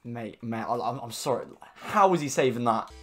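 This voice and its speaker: A young man commenting on his own online football match, swearing often and swinging from frustrated mutters to excited shouts. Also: mid-range voice, normal speed, faint music behind. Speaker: gaming YouTuber. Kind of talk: live gameplay commentary.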